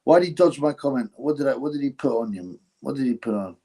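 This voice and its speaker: A man's voice: medium pitch, expressive, fast talker, dark tone. A man hosting a casual livestream, rambling bluntly and swearing while answering viewers. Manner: rambling, blunt, profane, calls viewers bro. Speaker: host. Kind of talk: casual livestream chat, reading viewer comments.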